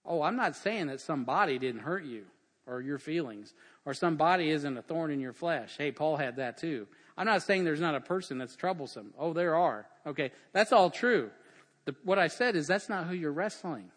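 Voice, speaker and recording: A man's voice: a little high, lively intonation, moderate pace, a bit bright. A middle-aged male pastor preaching a sermon, emphatic and full of rhetorical questions. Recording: long hall reverb.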